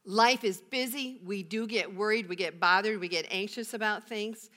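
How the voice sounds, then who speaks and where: A woman's voice: medium pitch, moderate pace, pushed and bright. A woman pastor giving a sermon, telling a Bible story with rhetorical questions and emphatic repetition.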